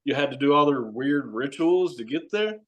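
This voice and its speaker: A man's voice: medium pitch, lively intonation, normal speed. Profane Tennessee man telling stories. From Knoxville, Tennessee. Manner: rambling, profane storytelling with laughs. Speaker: horror host and wrestler. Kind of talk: casual podcast chat.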